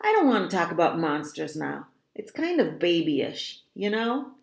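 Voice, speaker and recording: A woman's voice: fairly low pitch, sing-song, normal speed, gravelly. A woman reading aloud and voicing an offhand young boy who mutters in an unimpressed way. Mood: dismissive. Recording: roomy echo.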